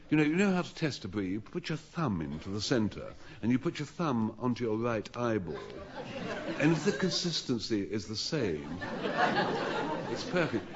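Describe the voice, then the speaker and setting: A man's voice: medium pitch, slightly rough. A man spinning a long comic anecdote on a radio panel show, rambling and self-mocking with stammered restarts. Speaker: panelist telling a comic story. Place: radio studio with audience. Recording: dull old radio broadcast recording.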